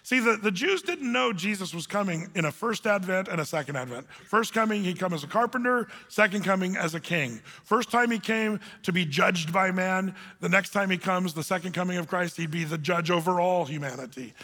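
A man preaching a sermon in an easygoing, folksy manner, his voice high and bright. It rings out with the long reverb of a big hall, as if recorded in a church sanctuary. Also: fairly quick, few pauses. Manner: folksy, conversational preaching with colloquial words. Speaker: pastor. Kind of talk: sermon, verse-by-verse Bible teaching.

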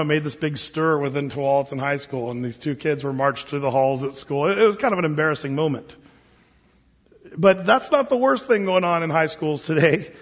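A middle-aged man preaches with a high, insistent voice, often restarting his phrases as he presses a point. The sound is dull and lo-fi, with a long reverb trailing through the church hall. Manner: emphatic preaching with repeated restarts. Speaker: pastor. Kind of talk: sermon.

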